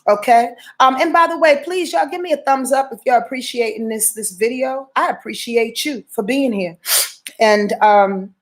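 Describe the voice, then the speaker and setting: A woman hosts a live astrology stream in a fairly high voice. She sounds like she is preaching, slangy and emphatic, cursing as she goes. She often repeats and restarts her words and fills pauses with "um" and "uh". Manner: preachy, emphatic, swears freely, slangy with "y'all". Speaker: astrology show host. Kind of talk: live-stream astrology talk, reading viewer messages.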